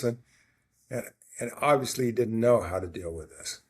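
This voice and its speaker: This podcast co-host has a slightly rough, medium-pitched voice and talks at normal speed. He winds his way through a lengthy personal story in a relaxed, rambling manner, frequently starting sentences over and quoting what people said.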